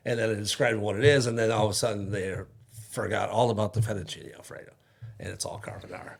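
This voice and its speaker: Gravelly, husky-voiced man. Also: on the low side, steady tone, fast. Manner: explains dishes with enthusiasm. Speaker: chef and restaurant owner, guest. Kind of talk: casual conversation.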